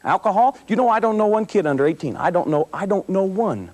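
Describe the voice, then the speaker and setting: A man with a notably high voice tells stories to students at a school assembly. He is a middle-aged police officer who acts out scenes with humor and lively delivery. His talk is motivational and easygoing. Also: quick pace. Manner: animated storyteller, acting out scenes with humor.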